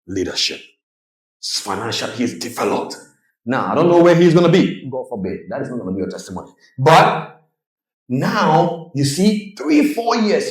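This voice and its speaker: A man of middle pitch gives a motivational talk on trading to a live room. He tells his points as stories and acts out the characters in them. His voice carries a clear echo from the room. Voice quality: animated storytelling, acts out quoted voices. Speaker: trading coach. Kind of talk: motivational presentation.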